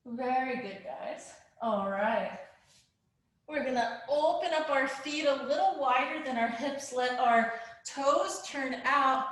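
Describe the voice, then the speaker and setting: High-voiced woman guiding kids' yoga. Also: slow, a bit bright. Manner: encouraging, playful, makes animal sounds. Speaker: kids yoga teacher. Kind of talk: guiding a children's yoga class. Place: live virtual class. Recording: very echoey room.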